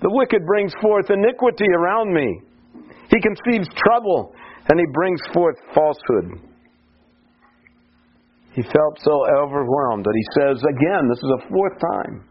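A man preaching at an unhurried pace, his voice pitched a little high and rising and falling widely as he lifts into pleading cries over the scripture. The recording sounds dull and lo-fi, like an old radio broadcast. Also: animated, breathy edge. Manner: slow, deliberate preaching, rising to pleading cries on quoted psalms. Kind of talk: sermon.

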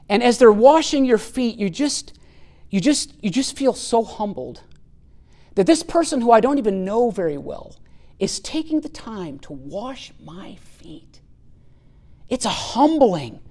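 A man preaching a sermon in an earnest, emphatic way, often dropping his voice low and soft to stress a point. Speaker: pastor.

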